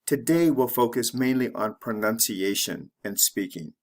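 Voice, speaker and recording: A man narrating a scripted English lesson, reading example sentences slowly and deliberately for learners to repeat. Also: mid-range voice, lively intonation. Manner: measured, deliberate, careful pronunciation drills. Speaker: English teacher.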